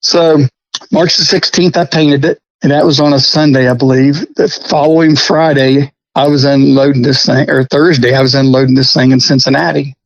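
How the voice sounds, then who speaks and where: A middle-aged man telling stories about restoring a prop in a casual interview, folksy and quick to laugh. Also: medium pitch, steady tone, no echo, dull audio. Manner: chatty, folksy, laughs often.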